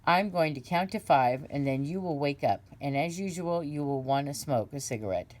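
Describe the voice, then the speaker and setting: A woman reading aloud and voicing a sly male psychiatrist, who talks in a slow, soft, hypnotic murmur. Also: low voice, natural voice. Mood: quiet.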